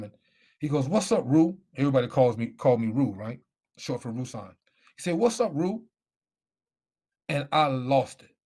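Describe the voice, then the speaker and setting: A man's voice: medium pitch, darkish tone. A middle-aged man telling his story animatedly in a live Q&A, acting out the voices of people he quotes. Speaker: guest speaker.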